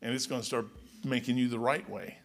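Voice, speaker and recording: An older man preaching a folksy, excitable sermon, dropping low and then shouting. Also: a little fast, creaky. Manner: folksy, excitable, swings between murmurs and shouts.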